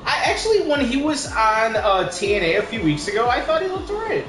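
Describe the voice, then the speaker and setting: Co-host, animated pitch, quick opinionated takes, echoey room. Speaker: podcast co-host. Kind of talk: casual wrestling chat. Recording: roomy live stream with background music.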